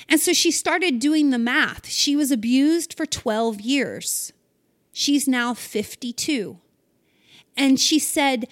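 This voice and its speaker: Speaking straight to her audience, a middle-aged devotional host leads a spoken devotional in a high voice. She's slow and deliberate, sounding consistently earnest and encouraging.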